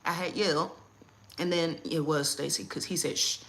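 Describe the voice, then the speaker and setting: Woman w/ aave, chatty livestream host, lowish but bright sharp voice, laughs a lot. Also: fairly even intonation, normal speed, creaky. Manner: chatty, laughs often, reads viewer comments. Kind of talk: casual live chat with viewers. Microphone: phone or webcam on a livestream.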